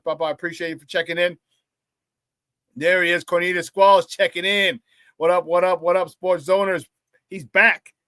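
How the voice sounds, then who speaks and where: A man's voice: high voice, sharp tone, dry recording. A man hosting a morning sports talk show, chatting casually and playfully, hyping up viewers and reading their comments with laughs.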